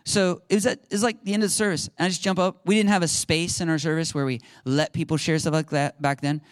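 Man preaching an animated sermon, dry sound. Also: a little high, fast talker, no room sound. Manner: storytelling, animated and conversational. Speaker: pastor. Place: church sanctuary.

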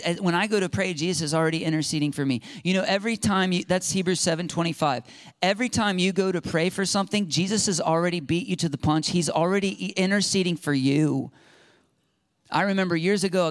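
Impassioned preacher man, crisp voice. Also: a little high, dry recording, clean studio sound. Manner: impassioned preaching with gasps and acted-out quotes. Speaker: pastor. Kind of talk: sermon.

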